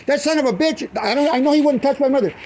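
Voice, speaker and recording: A man's voice: very high voice, quick pace, a little mellow, slight background noise. A man giving police a rambling, profane, agitated account of a family dispute. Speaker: family member speaking to police.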